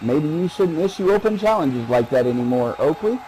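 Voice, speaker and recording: A man's voice: fairly high pitch, expressive, brisk, warm tone, a little hiss or hum, poor audio. A man doing playful ringside wrestling commentary, teasing and needling his co-host.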